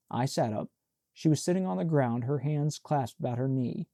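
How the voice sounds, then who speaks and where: Guy narrating an old novel, dark deep gravelly voice, somber and measured. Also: dry recording, clean studio sound. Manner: measured, somber literary reading. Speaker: audiobook narrator. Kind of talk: scripted audiobook narration.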